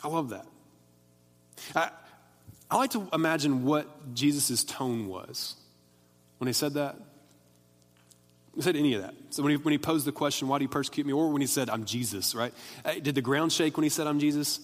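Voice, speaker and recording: A man's voice: on the high side, moderate pace, pauses often. A young man preaching a casual, conversational sermon in a church, often restarting his sentences and acting out the voices of the people in his stories. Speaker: pastor. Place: church worship hall. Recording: long hall reverb.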